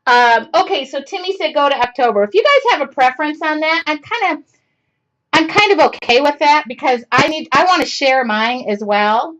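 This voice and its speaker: A chatty woman with a fairly high voice hosts a casual live-streamed painting lesson. She rambles, greets viewers by name and talks to herself as she works. The sound is dull and lo-fi, like a streaming computer mic. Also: animated, moderate pace, fairly bright tone. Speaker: art class host.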